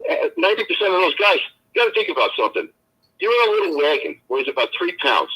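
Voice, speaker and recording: Male co-host, animated and husky, spins mob-flavored yarns on a live chat. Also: high voice, quick pace, lo-fi sound. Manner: tough-guy mob banter, storytelling. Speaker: co-host telling stories. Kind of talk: casual live-stream chat.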